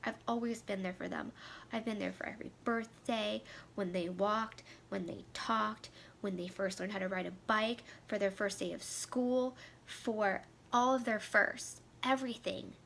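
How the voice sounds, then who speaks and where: Woman in her thirties, tearful, heartfelt personal talk; gravelly, fry-edged voice at a middle pitch, soft hiss behind. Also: moderate pace. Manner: emotional, heartfelt, voice dropping to a near whisper at times. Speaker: vlogger. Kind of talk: candid personal talk to camera.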